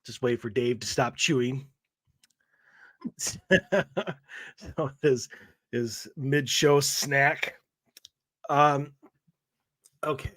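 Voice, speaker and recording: Slow, sarcastic male radio co-host. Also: medium pitch, fairly bright tone, dry recording. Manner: sarcastic, mocking rant. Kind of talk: casual podcast banter.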